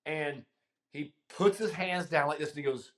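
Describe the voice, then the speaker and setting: A middle-aged man, a guest caddie, telling a long story in casual chat, animated and laughing, with frequent ums. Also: fairly high pitch, moderate pace.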